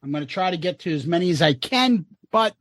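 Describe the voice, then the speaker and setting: Male podcast co-host reading listener mail, lively up-and-down delivery, dry close sound. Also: on the high side, quick pace, dry recording. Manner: reads comments aloud with wry asides. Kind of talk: casual podcast chat.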